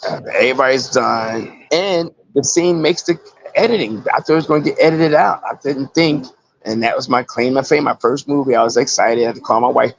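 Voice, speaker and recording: A man with a gravelly, husky voice tells stories as an interview guest, animated and slipping into the voices of the people he quotes. The sound is dry and a little dull, like a lo-fi recording. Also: medium pitch, a little fast, dry recording. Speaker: actor guest. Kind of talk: casual interview storytelling.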